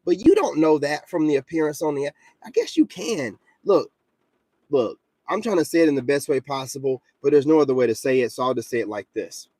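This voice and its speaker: A man's voice: a little high, animated, brisk, dark tone, slightly rough, no echo. A man, ranting bluntly and confrontationally in casual talk, peppered with repeated filler asides. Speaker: commentator vlogger. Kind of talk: casual rant to camera.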